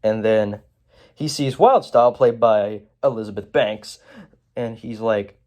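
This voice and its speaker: A man's voice: lowish voice, measured pace, warm tone. A man recapping a film in a casual review. He rambles, with lots of fillers, restarts and chuckles.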